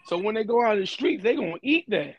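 A man's voice: high voice, lively intonation, fast talker, breathy edge, no echo, highs cut off. A young man talking on a podcast, earnest and emphatic, often repeating himself. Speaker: podcast host. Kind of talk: casual podcast talk.

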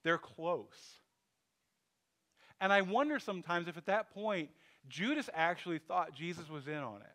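A man's voice: high-pitched, normal speed, bright, forceful tone. A man preaching a sermon in a loose, conversational way, thinking aloud with restarts and asides. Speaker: pastor.

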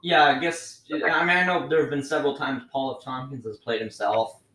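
A man's voice: mid-range voice, a little fast, pushed and bright. A man hosting a podcast, asking questions hesitantly and stammering now and then. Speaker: podcast host. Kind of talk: casual podcast interview. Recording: echoey room with faint noise.

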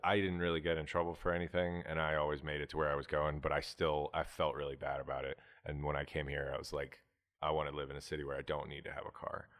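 Male guest, very deep voice, rambling swearing talker, casual podcast chat. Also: flat delivery, quick pace, a bit bright. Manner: rambling, swears freely, frustrated rants.

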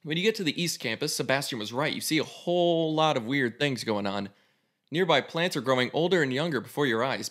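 Reading an interactive adventure story aloud as host, a man keeps things loose and profane. He has a mid-range, fairly bright voice.

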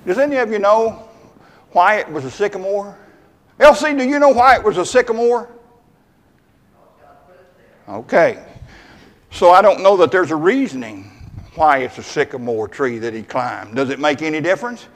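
Folksy high-voiced preacher in a church hall. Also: male voice, expressive, moderate pace. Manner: folksy, conversational preaching that banters with the congregation. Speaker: pastor. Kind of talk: sermon.

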